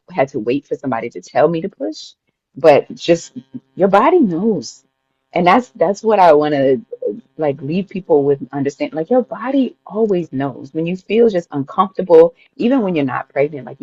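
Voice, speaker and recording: A woman guest on a podcast, recounting a personal story in an emotional, lively, conversational way. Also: low voice, dry recording, lo-fi sound. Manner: vivid, emotional retelling that often laughs and acts out her own past words. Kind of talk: personal storytelling in a casual interview.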